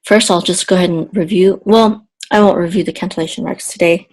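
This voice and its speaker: A woman's voice: lowish voice, steady tone, darkish tone. Female Hebrew tutor, slightly sore throat, patient explainer who breaks into sung chant phrases. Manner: explains slowly, then chants the trope melodies. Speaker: Hebrew teacher. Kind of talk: online Bible Hebrew lesson.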